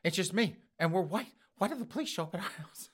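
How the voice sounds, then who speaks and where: A man's voice: sits high, lively intonation, fast, husky, pitched above the performer's own voice. Man doing a meek muttering old husband. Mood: baffled.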